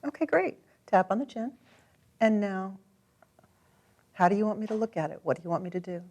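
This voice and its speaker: A woman guiding a client through a tapping session, calm and gently directive, encouraging as she gives each step. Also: medium pitch, a little fast. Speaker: tapping practitioner.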